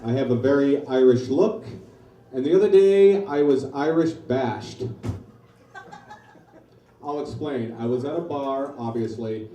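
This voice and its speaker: Brief: comic in his forties, mellow deadpan delivery, mic distant in a roomy bar. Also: mid-range voice, measured pace, long pauses. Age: 40s. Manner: deadpan storytelling with loud punchlines. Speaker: stand-up comedian. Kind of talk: stand-up set. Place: small New York comedy bar. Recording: echoey bar from far off. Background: audience laughter.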